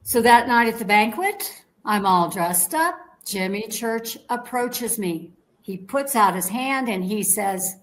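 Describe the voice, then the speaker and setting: A woman telling a personal story as an interview guest. She talks in a lively, chatty way, acts out the voices of the people in her story, and keeps asking her listeners whether they follow. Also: medium pitch, unhurried, poor audio. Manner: animated storyteller, acts out quoted dialogue, checks in with "okay?".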